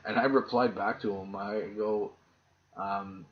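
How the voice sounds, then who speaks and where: A man co-hosting a casual podcast, telling stories with lots of swearing and animated retelling. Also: on the low side, slow. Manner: profane, animated storyteller. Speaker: podcast co-host. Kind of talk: casual chat. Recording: dull lo-fi podcast audio.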